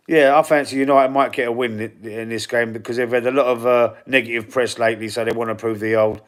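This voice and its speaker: A man's voice: medium pitch, steady tone, fast talker. A middle-aged man with a London Cockney accent, casually chatting through football predictions on a livestream and reading viewer comments aloud. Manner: chatty, reads out viewer comments and predictions, stumbles and repeats words. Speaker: football channel host reading live chat.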